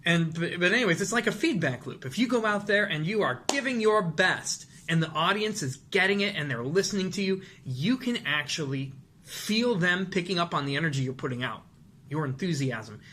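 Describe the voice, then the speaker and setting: A man teaching presentation skills to camera, animated and demonstrative, sometimes acting out rushed nervous speech. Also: sits high. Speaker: vocal and presentation coach. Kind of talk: instructional talk to camera.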